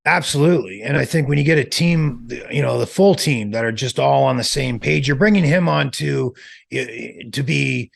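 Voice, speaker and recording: Middle-aged guy, super gravelly and husky, rambling easy about old wrestling days. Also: medium pitch, normal speed. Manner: relaxed, rambling, many restarts. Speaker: interview guest, former wrestler. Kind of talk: casual storytelling.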